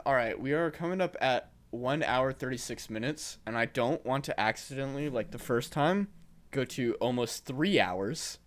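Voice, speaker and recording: A man's voice: medium pitch, animated, normal speed. A young man hosting a podcast, telling rambling stories in casual chat and laughing often. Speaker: podcast host.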